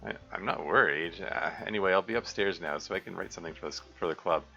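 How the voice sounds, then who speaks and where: A man's voice: low-pitched, quick pace, vocal fry, pushed and bright, muffled recording, faint music behind, full character voice. A man with a put-on British accent voicing an awkward, flustered schoolboy protagonist in a visual novel.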